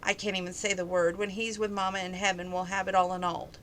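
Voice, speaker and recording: A woman reading aloud as a young ranch woman who is grieving and pleading in a hurried, tearful way. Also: medium pitch, flat delivery, a bit bright, a little hiss or hum, natural voice.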